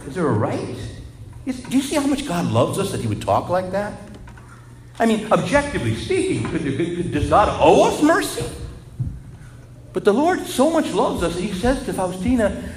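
A man preaching a sermon as a priest, animated and asking his congregation rhetorical questions. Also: sits high, normal speed, roomy sound, big-room sound.

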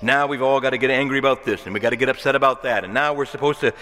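A man preaching a sermon in a conversational, animated way, posing rhetorical questions to his listeners. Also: medium pitch, racing, long reverb tail.

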